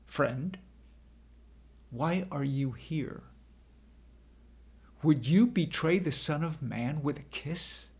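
A solemn, measured Jesus in a dramatized scripture reading, as the narrator takes on his words. The male voice is gravelly and husky, unhurried and grave, pitched a little above the usual male range. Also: expressive, a little mellow, heavily acted. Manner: measured, grave, slow delivery. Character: calm, solemn grown man teacher, Jesus.

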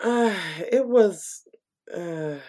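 A woman co-hosting a casual movie review chat, animated and laughing often, acting out her own reactions. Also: extremely slow. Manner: animated, laughs often, quotes herself with swings in pitch.

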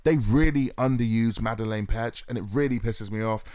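A man co-hosting a podcast in casual chat, animated and sweary, often slipping into mocking impressions. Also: mid-range voice, brisk, no room sound, clean studio sound. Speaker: podcast co-host.

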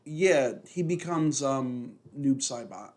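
A man's voice: mid-range voice, expressive, slow, darkish tone. Rambling man, swearing casually. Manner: rambling, heavy swearing, many fillers. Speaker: podcast co-host. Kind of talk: casual chat.

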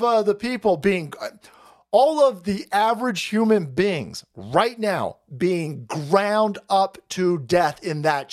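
A man hosting a political stream, ranting with heavy profanity and sarcastic mockery, often breaking into shouts. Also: sits high.

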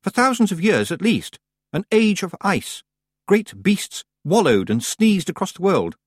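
Man voicing fussy middle-aged woman witch, high prim voice, husky, dry audiobook sound. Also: big pitch swings, measured pace, dry recording, full character voice. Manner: high-pitched, prim, eager. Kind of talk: audiobook character voice.

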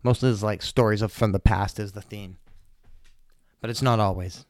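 A man's voice: fairly low pitch, steady tone, normal speed, a little mellow, no echo. Profane rambling male podcast host. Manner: loose, profane and jokey storytelling. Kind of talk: casual rambling podcast monologue.

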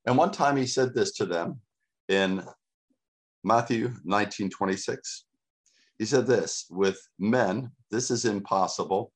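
A man preaching a sermon as a pastor, emphatic, with dramatic pauses and repetition. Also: fairly low pitch.

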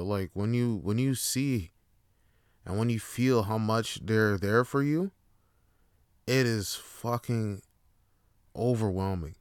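A man's voice: on the low side, clean tone, no echo, studio quality. A man hosting a casual solo podcast, rambling through his thoughts with frequent fillers and restarts. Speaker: podcast host.

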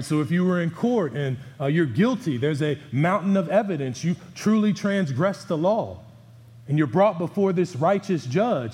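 A fairly high-voiced male pastor preaches with emphatic rises and low drops on his key words. His sermon rings out with a long reverb from the church hall around him. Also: a little mellow. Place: church sanctuary.

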